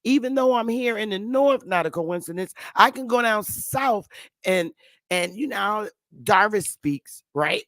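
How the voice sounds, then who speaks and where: A woman's voice: medium pitch, expressive, measured pace, a bit bright, no room sound. A woman in her fifties giving a casual, rambling monologue to her viewers, repeating herself and calling them sweetheart and love. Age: 50s. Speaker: channel host. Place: Connecticut.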